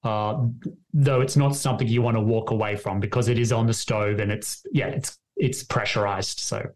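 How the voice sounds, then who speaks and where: A man's voice: on the low side, fairly even intonation, normal speed, a little mellow. A man from Australia with an Australian accent, a guest explaining things casually in an interview. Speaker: guest, coffee retailer.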